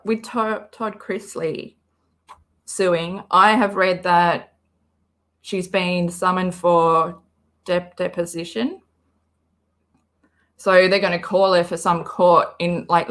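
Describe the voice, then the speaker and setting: A woman's voice: on the low side, fairly even intonation, slow pace, a bit bright. A woman hosting a live reaction stream, chatting casually and rambling as she reads the chat aloud. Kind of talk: casual livestream commentary.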